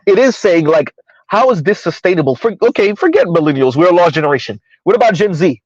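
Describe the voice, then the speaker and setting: A man's voice: sits high, expressive, quick pace, no echo, dull audio. A man in his thirties giving casual livestream commentary, rambling and repeating himself, laughing at his own jokes.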